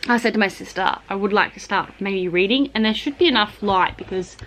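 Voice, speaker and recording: Filming herself on a phone in her bedroom at night, a thirtysomething Australian vlogger rambles through a casual chat packed with fillers. Her voice is medium-pitched and fairly bright, with a faint hiss or hum in the recording.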